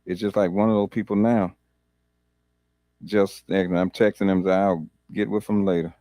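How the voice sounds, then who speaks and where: Man, pastor, Bible study talk, low voice, dry close mic, conversational. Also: steady tone, normal speed, dark tone, no room sound. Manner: conversational, repeats words, laughs easily.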